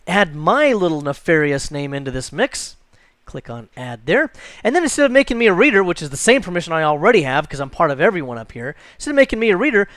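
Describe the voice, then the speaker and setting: A man teaching a screen-recorded software tutorial, chatty and jokey, thinking aloud as he clicks through. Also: high-pitched, no room sound. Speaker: computer instructor.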